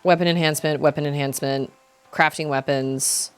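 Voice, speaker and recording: A woman's voice: low voice, steady tone, a little fast, clean tone, soft background music. A young woman streaming a game, chatting casually, reading chat aloud and yelping during fights. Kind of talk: casual gameplay commentary.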